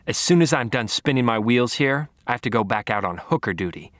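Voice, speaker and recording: A man's voice: mid-range voice, lively intonation, brisk, a bit bright, no echo, natural voice. A man reading as a curt, brusque female cop. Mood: bitter. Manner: curt, clipped, hissing. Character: brusque, irritable female police detective sister.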